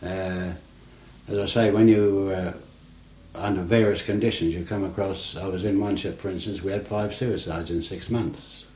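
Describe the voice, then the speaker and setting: A man's voice: low-pitched, steady tone, normal speed, warm tone. An older man, a navy veteran, telling rambling stories in an oral history interview, often adding "you see". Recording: roomy, dull archival tape with faint hiss.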